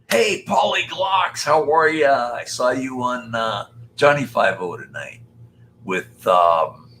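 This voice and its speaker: A man's voice: lowish voice, bright, forceful tone, slight background noise, poor audio. An older man hosting a casual live stream, chatting and joking as he greets viewers by name. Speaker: live-stream host reading chat.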